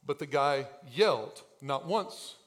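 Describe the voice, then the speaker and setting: A man pastor preaching a sermon in a church, swinging from quiet asides to shouted lines. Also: on the high side, lively intonation, takes it slowly.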